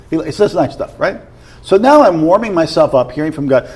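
Man, husky voice, earnest guest teacher. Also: mid-range voice, sing-song, quick pace, a little mellow. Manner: earnest, explanatory, asks questions to check. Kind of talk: teaching in a conversation.

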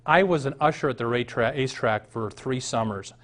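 A man's voice: mid-range voice, a little fast, fairly bright tone. A middle-aged man from the American Midwest, a pastor preaching a sermon, moving from a read-aloud passage to emphatic, rising points.

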